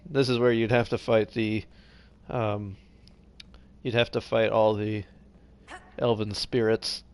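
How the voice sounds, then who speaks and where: Slow and flat, his fairly low voice has a clean tone as he streams a game live. Worn out, he rambles in casual commentary, voices the game text as he goes, and drifts off mid-sentence.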